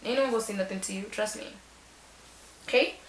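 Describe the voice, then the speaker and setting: A woman's voice: medium pitch, quick pace, roomy sound, slight background noise, low-quality recording. A young woman giving casual back-to-school advice in a sassy, chatty way, full of slang and acted-out quotes.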